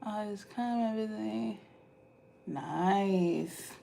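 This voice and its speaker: A woman vlogger from Ohio, telling stories casually to her live chat and swinging from hushed asides to loud outbursts. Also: medium pitch, very slow, vocal fry, a little hiss or hum.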